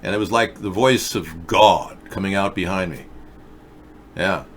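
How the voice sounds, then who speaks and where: A man's voice: low voice, measured pace, fairly bright tone, a little hiss or hum. A man hosting a casual video chat show, rambling through stories and reading viewer comments aloud. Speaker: show host.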